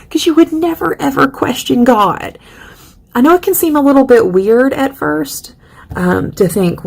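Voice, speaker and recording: A woman giving a chatty, lively lecture on poetry, acting out quoted voices. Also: medium pitch, measured pace, gravelly. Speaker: literature teacher.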